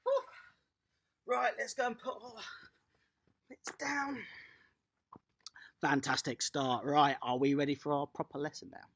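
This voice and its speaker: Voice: medium pitch, very animated, moderate pace, a bit bright, slight background noise. An upbeat adult tennis coach, running an online class for small children and cheering them on by name.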